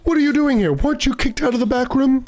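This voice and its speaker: A man's voice: very high voice, quick pace, a little mellow, voice pushed up. A man voicing a pompous, posh male bookstore clerk in a video game, talking down to people. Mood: haughty. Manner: pompous, says "old chap".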